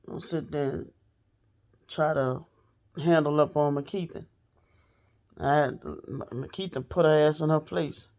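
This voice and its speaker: A woman's voice: sits low, steady tone, measured pace, pauses often, a little mellow. A woman telling a personal story straight to her viewers in a casual, blunt, profane way. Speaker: storytelling vlogger.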